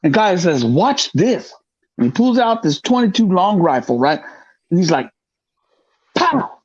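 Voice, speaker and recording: A man telling a hunting story in casual podcast chat, profane and animated, acting out the other people's voices. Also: sits high, moderate pace, husky, no room sound, highs cut off. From grew up in the projects. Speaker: podcast host.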